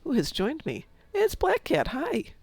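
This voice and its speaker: Chatty middle-aged woman with a gravelly voice. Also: sits high, wildly swooping pitch, measured pace, a little mellow. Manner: chatty, rambling, self-talk while playing. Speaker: game streamer. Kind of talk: casual chat while gaming.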